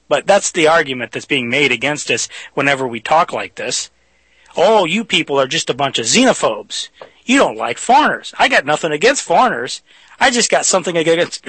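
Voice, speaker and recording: Bright-voiced talk radio host, a man. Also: high voice, no room sound, poor audio. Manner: folksy, addresses listeners directly. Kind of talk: opinionated talk radio monologue.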